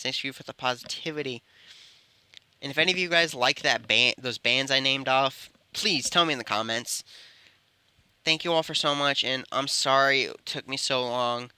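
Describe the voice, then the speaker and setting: A man's voice: mid-range voice, pushed and bright, clean tone, no echo. A man telling an improvised fan story, rambling and correcting himself as he goes. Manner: rambling, self-correcting narration. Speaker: YouTube storyteller.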